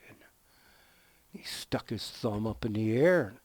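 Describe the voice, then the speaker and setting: Slow folksy man narrating gameplay. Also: lowish voice, expressive, a little mellow, slightly rough, dry recording. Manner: slow, folksy, drawling storyteller who chuckles at his own jokes. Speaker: gaming video host. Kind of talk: relaxed gameplay commentary with a told joke.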